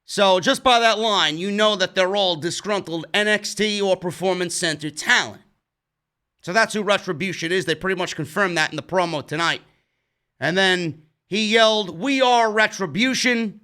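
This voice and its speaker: A man's voice: high voice, normal speed, sharp tone. A man with a New York accent reviewing a wrestling show, ranting heatedly and swearing a lot. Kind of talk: casual profane review rant.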